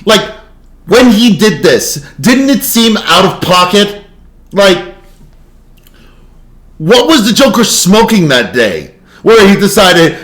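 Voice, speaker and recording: Male reaction host, high and lively voice, casual and profane commentary. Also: takes it slowly, long pauses. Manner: animated, laughing, swearing asides. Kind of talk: casual commentary over a video.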